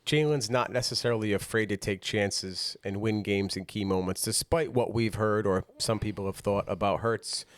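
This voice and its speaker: A man with a fairly low voice leads a casual sports podcast, moving the chat along and reading out news points. The sound is dry and close, with little room to it. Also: moderate pace, few pauses, no echo.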